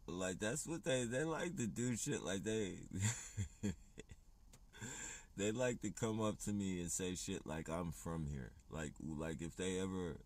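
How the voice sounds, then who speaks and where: A man's voice: sits low, a little mellow. A man chatting casually on a livestream, rambling and swearing, often laughing as he talks.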